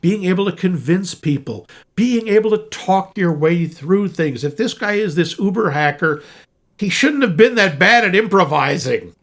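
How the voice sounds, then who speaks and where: Wry tech-savvy man with a fairly high voice. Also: expressive, normal speed, a bit bright. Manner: knowledgeable, dry, wry about tech. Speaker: podcast co-host. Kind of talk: casual movie review chat.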